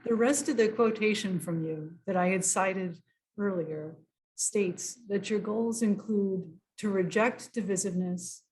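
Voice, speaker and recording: Measured woman interviewer. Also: medium pitch, a little mellow, poor audio. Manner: measured and formal, reading out quotes. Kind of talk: formal interview wrap-up.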